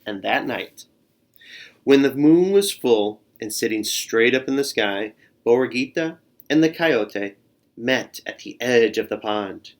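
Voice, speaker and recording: A man reading a children's picture book aloud, expressive and adding little sound effects. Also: mid-range voice, a little slow. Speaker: storyteller.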